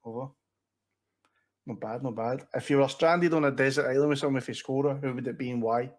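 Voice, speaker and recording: A man, co-hosting a casual chat show and reading out quick questions in a relaxed, sweary way. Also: medium pitch. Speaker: co-host.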